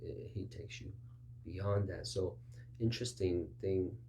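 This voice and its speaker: Preaching in an easy, conversational manner, this pastor acts out back-and-forth exchanges, raising his voice for both speakers. He talks a little slowly in a warm tone, with slight background noise.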